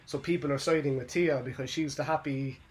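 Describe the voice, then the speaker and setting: A man's voice: mid-range voice, fairly even intonation, a little fast. A young man hosting a casual wrestling recap, rambling along and often tagging on "you know what I mean". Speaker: host.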